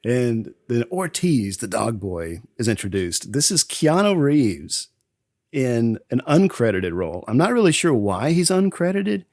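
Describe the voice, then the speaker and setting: A man hosting a casual podcast and recapping a film, laughing often and acting out lines in quick voices. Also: medium pitch, big pitch swings, darkish tone, no echo, clean studio sound. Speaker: podcast host. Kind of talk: casual movie recap chat.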